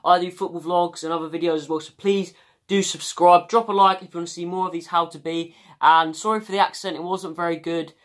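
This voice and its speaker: A man's voice: sits high, level tone, a little fast, a bit bright. A man hosting a casual vlog, rambling with lots of fillers. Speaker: YouTuber host.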